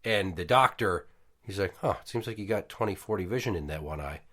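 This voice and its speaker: This low-voiced podcast host in his thirties talks a little fast as he spins a casual story from home. It's profane and lively, full of acted-out quotes.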